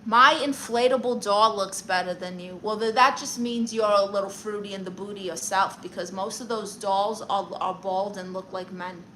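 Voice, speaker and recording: A woman's voice: mid-range voice, steady tone, bright, forceful tone, a little hiss or hum, lightly acted, poor audio. A woman playing a sassy, vain aunt who calls herself a therapist. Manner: sassy, boastful, fast comebacks. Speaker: livestream comedian reading chat. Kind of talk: in-character livestream chat.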